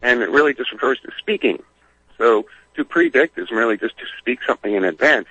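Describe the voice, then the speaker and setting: A man's voice: mid-range voice, animated, fairly quick, a bit bright, husky, no echo. A man calling in to a radio show, talking in a rambling, hesitant way with many fillers. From Philadelphia. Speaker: regular caller. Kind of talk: phone-in conversation. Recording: dull phone line on radio.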